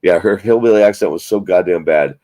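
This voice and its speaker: A man's voice: low voice, a little fast, mellow, dry recording. A man hosting a casual live stream, rambling and swearing as he chats about movies. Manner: rambling, profane, self-mocking. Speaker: livestream host.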